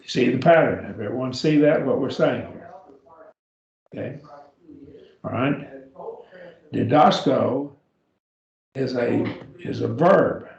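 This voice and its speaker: In a church classroom, a man patiently and slowly teaches beginning Greek grammar, sounding out words syllable by syllable for his students. His medium-pitched voice is creaky and darkish, and the reverberant recording has its highs cut off.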